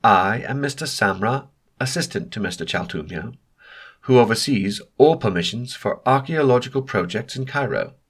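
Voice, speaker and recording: A man's voice: fairly low pitch, lively intonation, moderate pace, slightly rough. A man voicing a polite but unbending male government official who speaks formally and insists on procedure.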